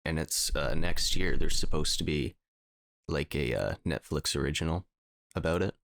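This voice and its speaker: Deep gravelly-voiced young man rambling. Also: moderate pace, a bit bright, no room sound. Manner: rambling, lots of fillers. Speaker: podcast co-host. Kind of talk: casual chat.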